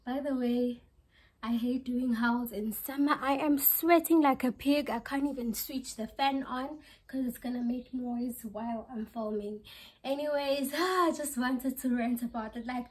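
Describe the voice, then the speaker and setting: A woman's voice: a little high, moderate pace, a little mellow, husky. A woman vlogging casually, exclaiming and dropping in Zulu phrases as she talks to her viewers. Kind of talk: casual vlog chat.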